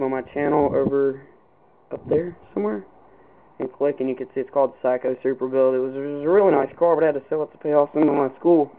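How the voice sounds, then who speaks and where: A young man from Kentucky, speaking, giving a casual, rambling walkthrough of his car project outdoors in the cold, with many fillers and restarts. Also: mid-range voice. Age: young adult. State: out of breath. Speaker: car hobbyist. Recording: tinny lo-fi camera audio with hiss.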